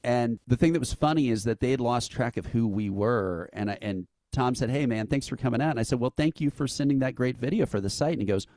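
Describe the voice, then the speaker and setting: Animated man telling a story. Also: mid-range voice, fast, hardly any pauses, no room sound. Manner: animated storyteller who acts out quotes with laughs. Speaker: interview guest, event founder. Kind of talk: casual anecdote telling.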